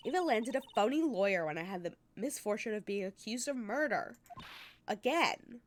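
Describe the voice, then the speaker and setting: A woman's voice: medium pitch, lively intonation, normal speed, lightly acted. A woman voicing a hapless young cop. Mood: rueful. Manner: reading game text aloud with put-on character voice. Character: hapless young woman cop, cheerful despite bad luck.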